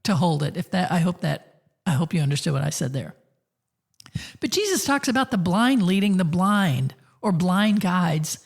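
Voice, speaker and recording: A woman with a fairly low voice hosts a relaxed podcast chat. She tells stories in an easygoing way, laughing often between thoughts. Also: normal speed, gravelly, slightly rough. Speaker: podcast host. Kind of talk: casual conversation.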